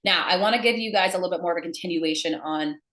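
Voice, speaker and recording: A woman's voice: fairly low pitch, quick pace, fairly bright tone. A young adult woman teaching sales to camera in an emphatic, blunt manner. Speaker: sales coach. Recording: echoey room.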